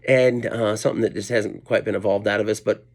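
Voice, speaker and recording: Speaking a little fast with fairly even intonation and a lowish voice, a middle-aged Colorado comedian delivers a casual monologue at home late at night. The story rambles, pokes fun at himself, and is packed with asides and restarts.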